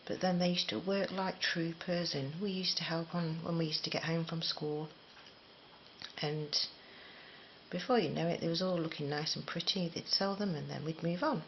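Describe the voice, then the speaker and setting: A woman's voice: low voice, fairly even intonation, normal speed, a little hiss or hum. A middle-aged woman from England, rambling chattily and laughing at herself while teaching crochet. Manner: chatty, rambling, self-deprecating. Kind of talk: casual spoken tutorial. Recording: slightly dull lo-fi recording.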